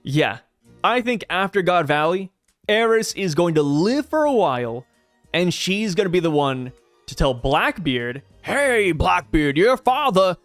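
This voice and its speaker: A man with a high voice that swings widely up and down hosts a comic review in casual commentary. He jokes and thinks out loud as he talks. The recording is dry and close with faint music behind. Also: a little slow, no echo. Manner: animated, jokey, thinks aloud. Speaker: manga review channel host.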